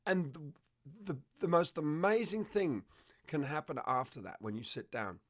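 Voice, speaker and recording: A man explaining dog behavior as a trainer, telling lively stories and acting out what dogs and owners say. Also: a little high, a little slow. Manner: animated storytelling, acts out dog and owner voices. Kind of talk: conversational explanation.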